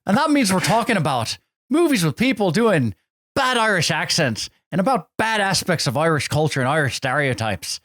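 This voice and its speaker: A man's voice: on the high side, sing-song, moderate pace, fairly bright tone, no room sound, clean studio sound. A man co-hosting a movie podcast, chatting casually with wry jokes. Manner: wry, joking. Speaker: podcast co-host. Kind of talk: casual chat.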